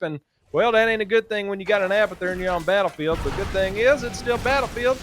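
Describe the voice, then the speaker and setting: A man with a high voice calls the game as color commentator, drawling folksy slang in a loose, joking way. A steady hiss of noise sits under the streamed audio. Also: fast, hardly any pauses. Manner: folksy, drawling slang, laid-back banter. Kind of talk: casual esports commentary.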